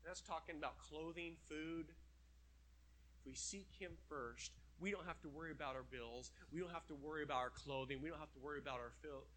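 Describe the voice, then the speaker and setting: A middle-aged man preaching a sermon with emphatic, animated delivery, slowing down to read scripture. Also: a little high, slight background noise.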